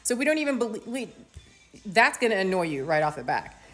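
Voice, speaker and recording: A woman's voice: medium pitch, sing-song, fairly quick, a bit bright, soft background music. A woman from the United States hosting her own show, giving a blunt, emphatic commentary monologue full of fillers and restarts. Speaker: show host.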